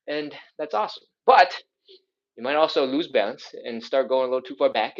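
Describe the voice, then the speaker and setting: A man's voice: medium pitch, fast talker, lo-fi sound. A man coaching a live follow-along stretching workout, chatty and upbeat, with playful exclamations as he explains each move. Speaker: stretching instructor.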